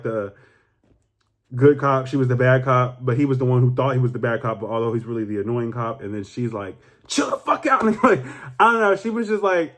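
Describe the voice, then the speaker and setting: Profane, rambling young man vlogging. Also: medium pitch. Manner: animated, rambling, profane, heavy filler. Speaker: YouTuber. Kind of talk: casual vlog monologue.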